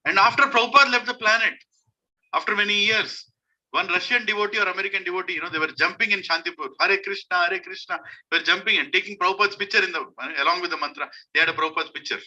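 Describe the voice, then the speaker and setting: A man's voice: racing, pushed and bright, highs cut off. A man giving a devotional sermon, telling a story and asking his listeners rhetorical questions. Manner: acts out quoted voices, rising high and emotional. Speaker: speaker at a scripture study gathering.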